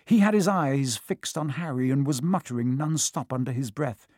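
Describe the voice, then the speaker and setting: A man narrating a children's storybook in a steady, expressive reading. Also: medium pitch, moderate pace, dry recording, studio quality. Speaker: audiobook reader.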